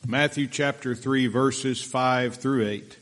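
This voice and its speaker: Slow, deliberate male preacher. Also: mid-range voice, steady tone, a bit bright. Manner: slow, deliberate delivery with pauses for notes. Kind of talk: sermon reading scripture.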